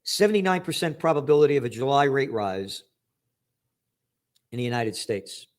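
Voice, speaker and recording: A man forecasting trends in an angry, profane, sarcastic rant, reading news headlines and jumping between shouted outbursts and low muttered asides. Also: sing-song, moderate pace, soft background music. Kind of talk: ranting news commentary.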